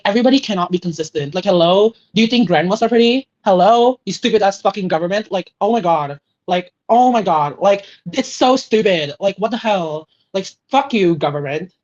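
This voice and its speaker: A woman's voice: medium pitch, darkish tone, close to an everyday voice. Woman playing a bratty vain socialite girl. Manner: whiny, exasperated, repeats "hello" and "like". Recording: muffled lo-fi recording.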